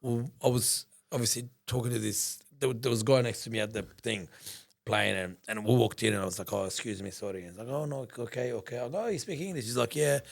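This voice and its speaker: A man telling a story in a casual interview, rambling and animated, acting out conversations and swearing freely. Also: fairly low pitch, quick pace, gravelly. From Australia. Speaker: business founder, guest.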